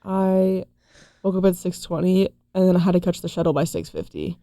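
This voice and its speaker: Young woman cohost, lowish mellow raspy morning voice, upbeat, dry mic. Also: brisk, no room sound. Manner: upbeat, laughs often. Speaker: co-host. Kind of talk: casual chat.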